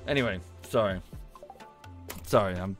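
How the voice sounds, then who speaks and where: A man streaming a game, rambling in a casual chat that turns into heated ranting with sudden high outbursts. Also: a little slow, fairly bright tone, faint music behind. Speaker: gaming streamer.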